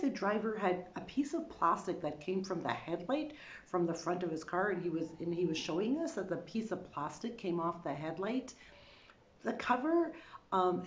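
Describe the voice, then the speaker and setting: A woman vlogger telling her own travel story in a casual, animated way, often restarting sentences and adding quick asides. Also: medium pitch, muffled recording.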